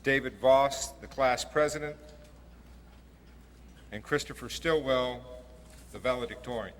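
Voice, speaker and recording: A man's voice: medium pitch, unhurried, a little hiss or hum. A man making formal, matter-of-fact announcements at a graduation ceremony, speaking into a podium mic over a PA. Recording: echoey hall over a PA.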